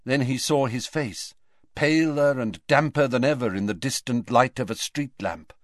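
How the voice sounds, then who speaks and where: A man narrating a fantasy novel in an expressive, dramatic reading. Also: mid-range voice, normal speed, no echo, clean studio sound. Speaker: audiobook narrator.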